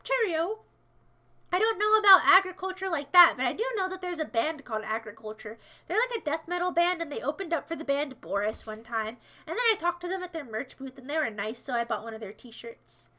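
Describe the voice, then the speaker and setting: Talking fast with few pauses, a woman streamer with an animated, high-pitched voice banters with her chat, rambling playfully, poking fun at viewers and pretending to defend herself. Now and then she bursts into shouted, villain-style commands.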